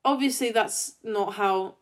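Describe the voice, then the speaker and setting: A woman co-hosting a fan podcast, recounting scenes in a chatty, animated way and acting out the characters' lines. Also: mid-range voice, a little slow. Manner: chatty with many fillers. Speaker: podcast co-host. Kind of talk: casual fan chat.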